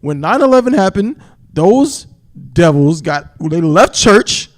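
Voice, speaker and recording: Preaching Bible commentary live online, a New York man with a kind of high voice swings widely in pitch and speaks emphatically. He keeps asking whether you understand and stretches the big words out slowly. Scripture gets read in a slow, solemn cadence.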